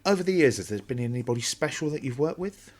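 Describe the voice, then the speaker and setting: A man's voice: medium pitch, lively intonation, fast. A man hosting a podcast and asking encouraging questions in an interview. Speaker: podcast host.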